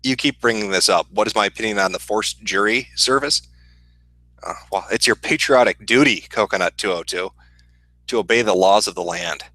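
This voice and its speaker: Profane deadpan Midwestern man, low voice. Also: moderate pace, no room sound, rough recording. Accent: Midwestern American. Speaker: livestream host answering chat. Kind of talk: casual livestream Q&A.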